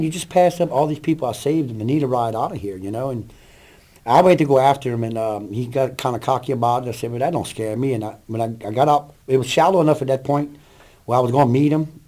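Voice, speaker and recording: A man's voice: medium pitch, fast, mellow. A plainspoken man telling about a rescue in an interview. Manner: blunt, plainspoken. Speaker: volunteer rescuer. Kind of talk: interview storytelling.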